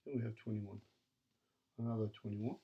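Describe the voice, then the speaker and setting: A man's voice: fairly low pitch, fairly even intonation, a little fast, lo-fi sound. A man teaching a recorded math lesson, talking to students as he works through problems and counts the numbers aloud.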